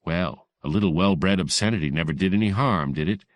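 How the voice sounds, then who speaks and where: A man's voice: deep voice, brisk, no room sound, natural voice. A man voicing a tough, wisecracking woman receptionist in an audiobook, sarcastic and mock-sweet. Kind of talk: audiobook character voice.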